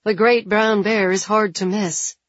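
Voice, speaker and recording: A woman reading an audiobook in a measured, even narration. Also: mid-range voice, dry recording. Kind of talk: scripted narration. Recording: dull, dry studio sound.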